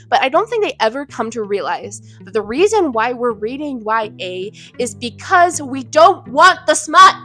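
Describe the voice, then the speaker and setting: A woman's voice: a little high, sing-song, moderate pace, few pauses, pushed and bright. A woman in her twenties giving a heated, indignant rant to camera, blunt and swearing. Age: 20s. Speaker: vlogger. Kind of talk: ranting commentary to camera. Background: faint background music.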